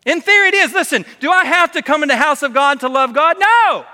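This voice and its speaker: A man preaching a sermon in a church, in an animated way, acting out voices when he quotes people. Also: extremely high pitch, brisk, long reverb tail. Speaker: pastor. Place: church sanctuary.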